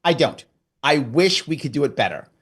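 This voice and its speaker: A middle-aged man from New York talking as an interview guest. He tells his story in an animated way and slips into the voice of his own past thoughts. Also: on the high side, moderate pace, slightly rough. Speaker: guest, former governor candidate. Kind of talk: casual interview chat.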